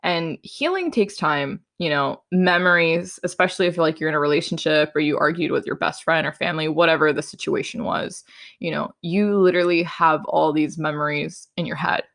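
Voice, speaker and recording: A woman's voice: low-pitched, brisk, gravelly, a bit bright. A young woman hosting a solo podcast, chatting frankly and casually, full of fillers, sometimes acting out her own inner voice. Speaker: podcast host.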